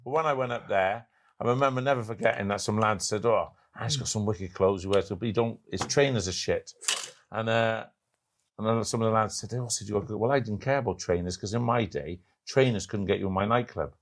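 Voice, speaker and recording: A middle-aged man talking as a guest in a casual chat. He tells stories emphatically and keeps asking if others agree. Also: on the low side. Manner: rapid, emphatic, asks for agreement.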